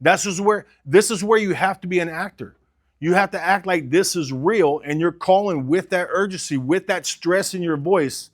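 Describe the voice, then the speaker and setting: A man's voice: high-pitched, normal speed. A man coaching car salespeople, talking with energy and urgency and acting out sales calls. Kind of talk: sales training talk.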